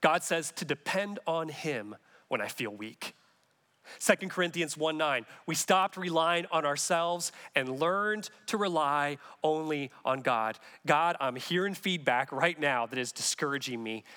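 Male pastor, bright and somewhat high voice, earnest conversational sermon delivery. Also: measured pace.

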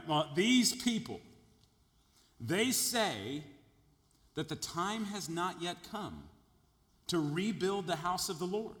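A man preaching a sermon, emphatic and building to loud peaks, often repeating his words. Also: medium pitch, long reverb tail. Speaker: pastor.

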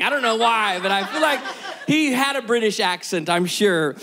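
A male pastor preaching a lively sermon and calling on the congregation to respond. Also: high-pitched, unhurried.

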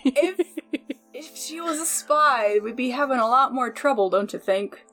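A woman's voice: sits high, lively intonation, a little slow, fairly bright tone, soft background music. A woman playing a tabletop role-playing game in character, hedging and full of fillers. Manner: hedging, filler-heavy reasoning.

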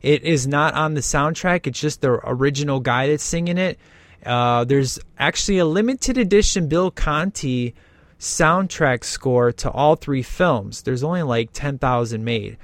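A man's voice: mid-range voice, measured pace, dry recording. A man giving casual, jokey, enthusiastic commentary while watching a movie.

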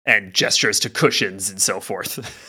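Bright-voiced man narrating as game master. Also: lowish voice, measured pace, breathy edge. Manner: casual, profane, filler-heavy narration.

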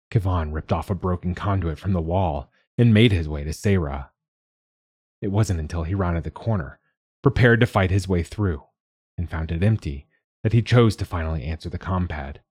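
Low husky male story narrator. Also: a little mellow, no echo. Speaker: podcast narrator. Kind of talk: scripted narration of a short story.

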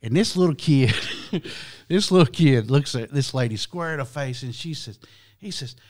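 A podcast host with a mid-range, expressive voice tells a long, profane story at a moderate pace. He rambles casually, restarting his sentences again and again.

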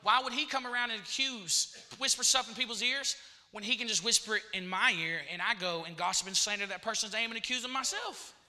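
High bright-voiced man preaching. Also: brisk. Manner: repeats phrases, calls out to the congregation. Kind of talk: sermon. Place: church hall with congregation.

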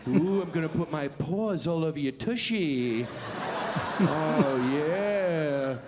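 A comedian voicing a creepy older man who talks dirty with leering, drawn-out groans. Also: fairly high pitch, lively intonation, background noise.

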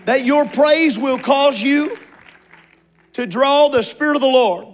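A man preaching a sermon to a congregation in a church, impassioned and rising to shouts on drawn-out words. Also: very high-pitched, faint music behind. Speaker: pastor.

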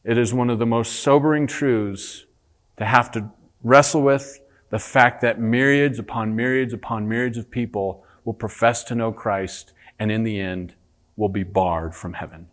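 A man preaching a sermon as pastor in a church, earnest and emphatic, turning animated when he tells a story. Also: on the low side, normal speed.

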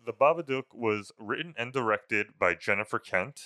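A young man co-hosting a casual podcast, chatty and quick to laugh as he reads out film facts. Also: medium pitch, animated, pushed and bright, no room sound. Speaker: podcast co-host. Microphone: podcast microphone.

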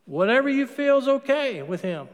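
A man's voice: extremely high pitch, sing-song, moderate pace. A middle-aged man preaching a sermon in a church, conversational and storytelling, with emphatic punches. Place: church sanctuary. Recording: long reverb of a large hall.

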